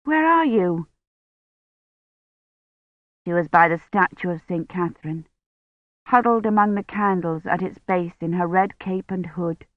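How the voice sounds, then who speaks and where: A woman narrating a novel in a calm, measured reading voice. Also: fairly low pitch, no room sound. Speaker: audiobook narrator. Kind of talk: scripted narration. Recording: dry, tinny phone-like sound.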